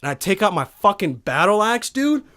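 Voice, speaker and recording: A young man hosting a podcast from a studio, telling a profane, animated comic rant full of swearing. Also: high voice, moderate pace. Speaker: podcast host.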